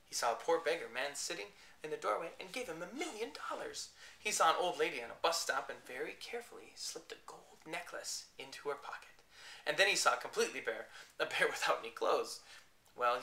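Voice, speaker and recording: A storyteller reading a silly bedtime story aloud in a playful, animated way. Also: mid-range voice, a little fast, creaky, roomy sound.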